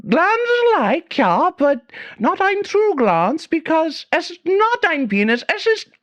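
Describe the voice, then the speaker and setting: A woman voicing a wild-eyed mad female professor with an obviously fake German accent, shrill and frantic. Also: very animated, slow pace, no room sound, full character voice. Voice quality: shrill, squawking.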